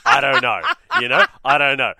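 A man's voice: fairly high pitch, brisk, gravelly, no echo. An Australian man co-hosting a breakfast radio show, joking around in casual banter. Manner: jokey, animated, mock voices.

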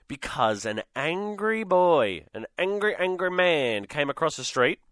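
Animated Australian male radio host. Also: on the high side, a little slow, no room sound, studio quality. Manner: chatty, animated, acts out quotes. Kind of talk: casual radio chat. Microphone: studio microphone.

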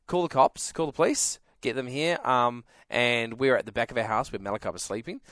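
This young radio host has a mid-range voice, recorded dry with clean studio sound. In a casual chat, he tells an animated story full of acted-out voices.

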